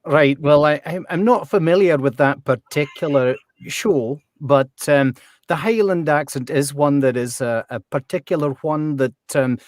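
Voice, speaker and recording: A man's voice: on the high side, a little slow, no room sound, clean studio sound. A man talking casually as an accent coach in an interview, chatty and full of ums and restarts.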